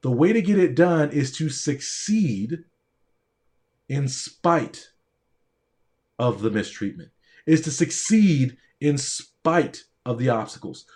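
A man's voice: a little high, darkish tone. A man, a doctor and pre-med coach, giving a motivational speech straight to his audience with a preaching, repetitive cadence.

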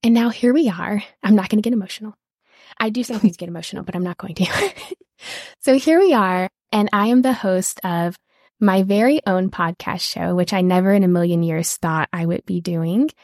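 A woman's voice: medium pitch, fairly quick, darkish tone, no echo. Bubbly woman podcast host in her 30s, gushy and laughing a lot, dry close sound. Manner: upbeat, gushing, laughs often. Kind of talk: casual podcast chat.

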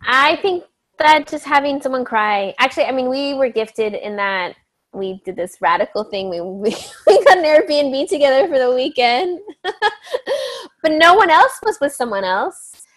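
A woman with a slightly higher voice than most talks in a reflective, thinking-aloud way. She restarts her sentences as she works through ideas in a casual conversation. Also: animated, normal speed. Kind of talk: casual chat.

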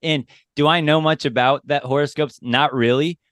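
A man's voice: fairly high pitch, steady tone, moderate pace, fairly bright tone, dry recording, studio quality. Chatty laughing man on a podcast. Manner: chatty, laughs often, frequent restarts. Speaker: podcast co-host. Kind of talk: casual podcast chat.

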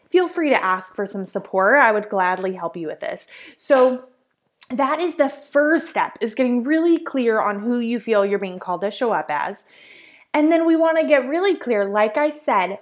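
Young woman life coach, solo podcast host, earnest and encouraging, slightly high voice. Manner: earnest, encouraging, uses many fillers.

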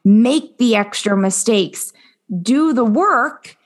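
A woman's voice: fairly high pitch, animated, takes it slowly. A woman hosting a podcast interview, telling her own setbacks in an earnest, reflective way. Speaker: podcast host and women's coach. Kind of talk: conversational interview.

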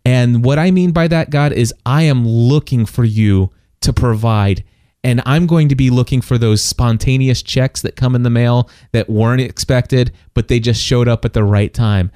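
A middle-aged man tells a personal story in a loose, conversational way, stumbling over restarts and breaking into laughs. His voice is mellow and mid-pitched. The sound is close and dry. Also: moderate pace, clean tone, no echo. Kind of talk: casual testimony chat.

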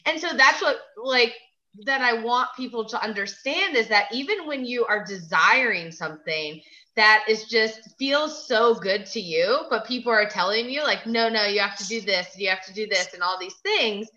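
A slightly high, bright-voiced woman talks as a guest in a casual chat, drifting dreamily and leaning on "like" at nearly every turn. Her audio comes through dull and lo-fi, like a remote call. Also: moderate pace. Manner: dreamy, filler-heavy, says "like" constantly.

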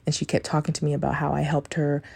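A woman with a low, mellow voice talks in a hushed, candid monologue. She rambles, swears freely and keeps her voice down as she hosts her own show. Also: monotone, fast, vocal fry, slightly rough. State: talking low to stay quiet. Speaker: podcast host. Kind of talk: casual confessional monologue.

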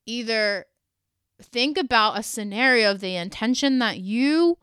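Smooth-voiced earnest woman podcaster. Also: fairly high pitch, expressive, a little slow, a bit bright, no room sound, clean studio sound. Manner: earnest, emotional, encouraging. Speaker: podcast host and energy coach. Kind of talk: solo podcast monologue.

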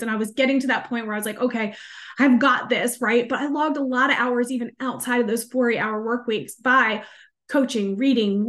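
Woman in her 30s, high bright voice, chatty sales coach podcast, upbeat. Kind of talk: casual solo podcast talk.

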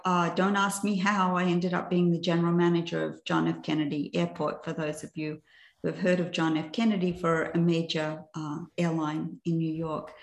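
A woman's voice: on the low side, gravelly. An older woman and coach telling her life story in a chatty, self-mocking way, often tossing in "right?" to her listeners. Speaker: coach and presenter. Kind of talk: personal story in a masterclass talk. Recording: echoey room.

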